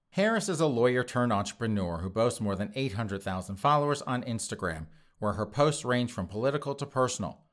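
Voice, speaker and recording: A man at a middle pitch reads headlines aloud and then tears into them with crude, sarcastic commentary. He chuckles at his own jokes as he talks to his audience. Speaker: podcast host. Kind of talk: mocking news commentary.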